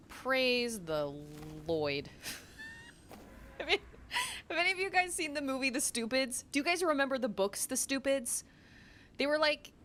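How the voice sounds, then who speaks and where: A woman's voice: high-pitched, a little hiss or hum. A young adult woman streaming a video game, reacting with exclamations, groans and laughter. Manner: excitable, groaning and laughing at setbacks. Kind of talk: live gameplay commentary.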